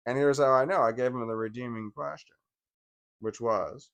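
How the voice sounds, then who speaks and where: A man's voice: medium pitch, fairly even intonation, measured pace, long pauses, fairly bright tone. A man talking in a casual personal monologue, swearing often, venting with restarts and bursts of laughter. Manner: profane, rambling, with frequent restarts and laughs; agitated, venting. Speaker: vlogger.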